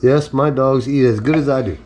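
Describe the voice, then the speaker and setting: A man's voice: mid-range voice, brisk, a little mellow. A man with an ordinary mid-range voice talks his way through a home cooking video in a loose, chatty manner. He stops now and then to talk to his dog, and a faint hiss sits under his voice. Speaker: cooking vlogger. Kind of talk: casual cooking demonstration. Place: home kitchen.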